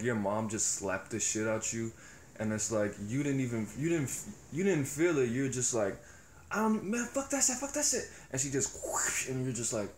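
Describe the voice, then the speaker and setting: A man's voice: fairly low pitch, a little mellow, slight background noise. A young man rambling in a profane, reflective casual monologue as a vlogger. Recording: echoey room with faint ambience.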